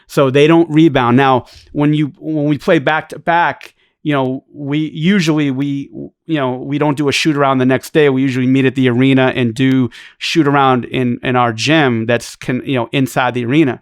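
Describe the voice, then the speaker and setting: A man appears as a podcast guest and tells a long story in casual chat, blunt, profane and rambling. His mid-range voice is clean, with fairly even intonation and a moderate pace, recorded in a clean studio with no room sound.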